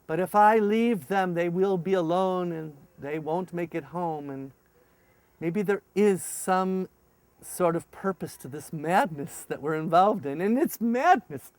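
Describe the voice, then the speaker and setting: A man's voice: high voice, a little slow, smooth, no room sound. A middle-aged man, a former paratrooper officer telling his story and acting out dialogue. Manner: animated, acts out dialogue in raised voices. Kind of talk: storytelling testimony.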